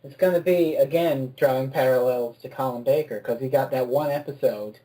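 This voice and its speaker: A man's voice: mid-range voice, brisk, mellow, poor audio. A man chatting as a guest, jokey and casual. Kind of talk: casual podcast chat.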